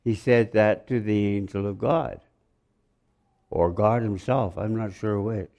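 A man's voice: fairly low pitch, fairly even intonation, unhurried, vocal fry, dark tone. A man preaching a sermon, rambling, joking with the congregation and asking them questions.

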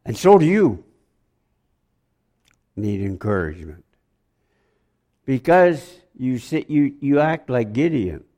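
A man's voice: medium pitch, big pitch swings, slow pace, pauses often, warm tone. A man preaching a sermon, rambling, joking with the congregation and asking them questions.

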